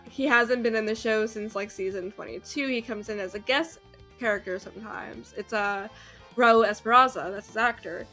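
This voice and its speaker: A woman's voice: a little high, normal speed, sharp tone, faint music behind. A woman streamer giving casual, rambling and profane commentary while playing a game. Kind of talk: casual let's-play commentary.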